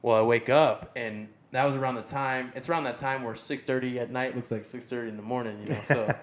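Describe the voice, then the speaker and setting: A man co-hosting a firefighter podcast, telling an animated story in casual chat. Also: mid-range voice, brisk. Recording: slightly dull sound with faint noise.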